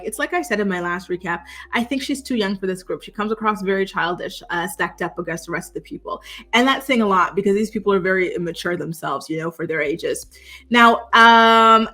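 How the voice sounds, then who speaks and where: A woman's voice: mid-range voice, a bit bright. A chatty woman talks straight to her viewers in a loose, gossipy way. She jumps between topics and leans on many "like"s in everyday commentary. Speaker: recap commentator. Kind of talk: casual chat.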